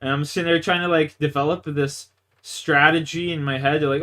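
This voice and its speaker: A young Canadian gaming livestreamer speaks in a slightly high, a bit bright voice with fairly even intonation and a moderate pace. In casual storytelling chat, he rambles through crude, boastful tales, filling them with "like."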